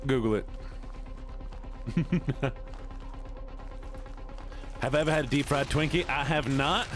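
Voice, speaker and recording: A man's voice: medium pitch, slow, soft background music. A man streaming casually while gaming, joking around and slipping into a folksy drawl. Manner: jokey, goofy, lapses into a put-on folksy drawl.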